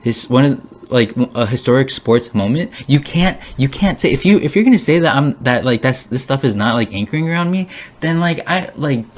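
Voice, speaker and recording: A man's voice: medium pitch, expressive, moderate pace. Rambling, emotional young man. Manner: rambling, restarts, swears, laughs; emotional, voice jumps up. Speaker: conspiracy vlogger. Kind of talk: rambling excited monologue.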